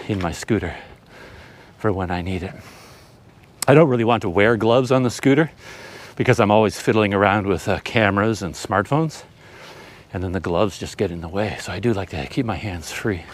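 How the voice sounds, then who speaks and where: A man vlogs as he hikes up a trail outdoors, out of breath and huffing between thoughts. His voice sits a little low. He talks in a rambling, self-deprecating way into the camera he holds. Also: normal speed, long pauses, a little hiss or hum. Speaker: travel vlogger. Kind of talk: casual vlog talk while hiking. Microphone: handheld camera.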